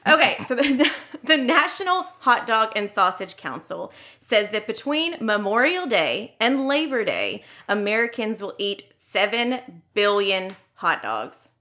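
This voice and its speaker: Bright-voiced chatty woman co-host. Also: a little high, measured pace, hardly any pauses. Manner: chatty and excitable, laughs often, trips over words. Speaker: podcast co-host. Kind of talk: casual chat.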